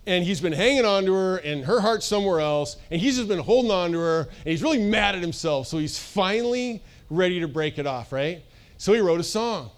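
A middle-aged man preaching a sermon as pastor, energetic and conversational, joking with the congregation. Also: sits high, brisk. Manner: energetic, conversational, sings snippets and jokes with the audience.

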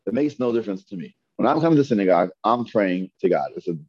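A man's voice: fairly low pitch, expressive, quick pace, darkish tone, dry recording, highs cut off. A man teaching a Hebrew reading class, patiently sounding out words one syllable at a time and asking learners to repeat. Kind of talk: slow syllable-by-syllable reading lesson.

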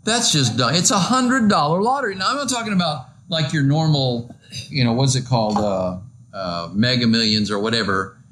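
A man's voice: medium pitch, animated, moderate pace, fairly bright tone, slight background noise. A male pastor giving a conversational, joking sermon full of rhetorical questions to his listeners.

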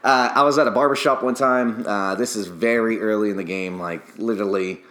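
A man's voice: on the low side, a little fast, fairly bright tone. A young adult man, a barber, casually telling a story as an interview guest, laughing often and poking fun at himself. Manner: chatty, laughs often, self-deprecating. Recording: echoey room.

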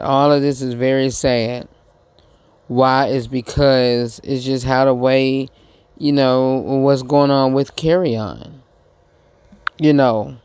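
A man hosting a podcast, giving a casual commentary monologue, halting and repeating himself with many fillers. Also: mid-range voice, darkish tone, clear, resonant tone, dry recording. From United States. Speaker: podcast host.

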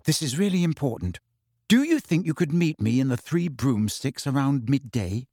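A man reading aloud, voicing an earnest, bossy teenage girl in a raised, quick voice. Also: medium pitch, big pitch swings, warm tone, no echo, studio quality. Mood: eager, urgent.

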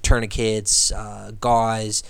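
A young man co-hosting a podcast, telling work stories in rapid, animated casual chat. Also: lowish voice, vocal fry, clear, resonant tone, no room sound. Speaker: podcast co-host.

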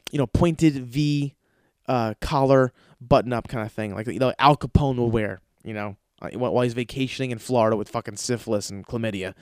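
A man hosting a podcast, telling long rambling stories in a casual, profane way, often breaking into high-pitched voices to act out other people. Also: clear, resonant tone, no echo, clean studio sound. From lives in Los Angeles. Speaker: podcast host. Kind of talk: casual storytelling monologue.

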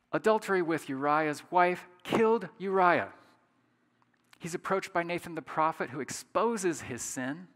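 A pastor delivers his sermon in a lively, conversational way, pressing points home and checking in with rhetorical questions. His voice sounds bright and forward. A long reverb trails behind him, as in a large hall. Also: fairly high pitch. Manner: conversational, emphatic, asks the audience rhetorical questions.

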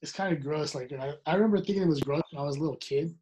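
A young man in a relaxed podcast chat, talking with hesitant restarts. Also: a little high, very fast, slight background noise. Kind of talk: casual chat.

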